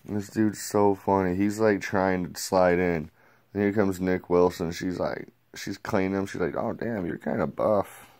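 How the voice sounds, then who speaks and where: A man's voice: deep voice, flat delivery, a little slow, a little mellow, clear, resonant tone. A man reviewing a movie in a casual, crude play-by-play recap. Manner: loose, crude, retells scenes in a play-by-play.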